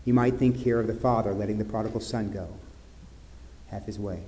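A man preaching a sermon as pastor, in an earnest way that drops to soft, grave tones. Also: lowish voice, fairly even intonation, brisk, a little hiss or hum.

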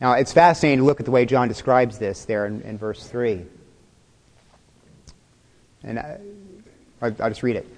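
A man's voice: mid-range voice, normal speed, pauses often, darkish tone, in a large hall. A male pastor preaching a sermon in a conversational way, asking the listeners questions and chuckling now and then.

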